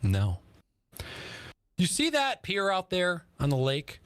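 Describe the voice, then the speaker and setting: A man's voice: sits high, wildly swooping pitch, takes it slowly, a bit bright, clear, resonant tone, dry recording, pitched above the performer's own voice, heavily acted. A man voicing an older male pub regular, bitter and proud, told as a joke in his own voice without an accent. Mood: aggrieved. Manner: emphatic storytelling, no real accent. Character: old male Irish pub bar builder, bitter and proud.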